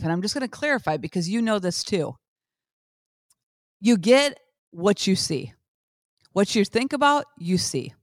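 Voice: mid-range voice, no echo, clean studio sound. A podcast host giving an emphatic, chatty motivational monologue, firing off repeated rhetorical questions and speaking straight to the listeners. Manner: chatty, addresses listeners directly.

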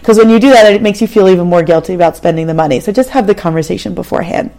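A woman's voice: fairly low pitch, very fast, dark tone. A woman in her thirties hosting a show, telling a personal story in a candid, conversational way and addressing the listener directly. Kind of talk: casual storytelling monologue.

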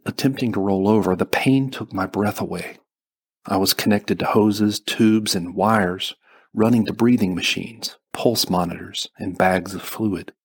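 Guy reading his own novel aloud, low husky voice, slow and steady. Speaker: audiobook narrator and author. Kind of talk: first-person audiobook narration.

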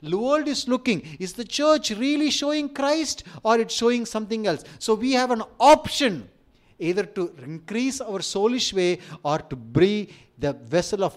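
A middle-aged man with an Indian accent, preaching a sermon with rising emphasis and light humorous asides. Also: sits high. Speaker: pastor.

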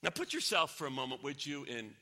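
A man preaching a sermon, swinging from loud exclamations to near whispers to tell a story. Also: mid-range voice, wildly swooping pitch, fairly quick. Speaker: pastor.

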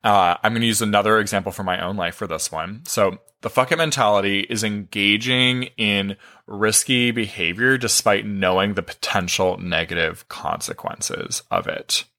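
Male life-coach host: low-pitched, bright, forceful tone; frank and profane, with easy laughter. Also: normal speed, few pauses. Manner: candid, swears freely, laughs often. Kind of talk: casual self-help monologue.

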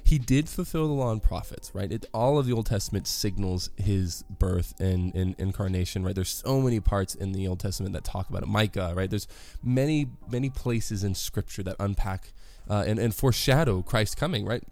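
A man's voice: on the low side, normal speed, hardly any pauses, a little mellow. A man giving a casual devotional talk on a worship song, rambling and correcting himself with many fillers.

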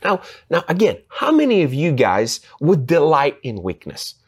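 Halting, increasingly fervent male preacher. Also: wildly swooping pitch, breathy edge. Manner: halting, with many restarts and fillers, growing emphatic and rising in pitch. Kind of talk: sermon.

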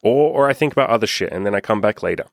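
A man's voice: lowish voice, expressive, rapid-fire, gravelly, no room sound, studio quality. A man hosting a podcast, giving casual self-help advice straight to his listeners, laid-back and swearing freely. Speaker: podcast host.

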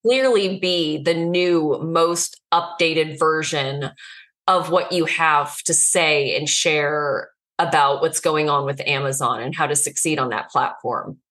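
A woman's voice: low voice, slow pace, fairly bright tone. A woman co-hosting a podcast, telling a story in a candid, easygoing way. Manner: candid, storytelling, laughs easily. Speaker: podcast co-host. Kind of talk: casual podcast chat.

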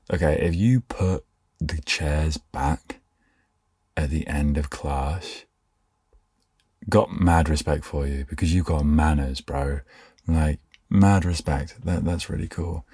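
A young man hosting a sleepy podcast, rambling softly and trailing off. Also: rumbling low, breathy edge, dry recording, clean studio sound. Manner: meandering, soft-spoken, trails off. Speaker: podcast host.

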